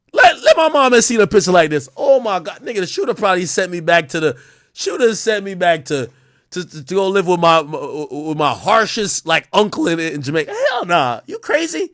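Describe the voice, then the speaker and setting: A young man ranting on a livestream, animated and profane, with frequent restarts. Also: high-pitched, moderate pace, dry recording, clean studio sound. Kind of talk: casual livestream rant.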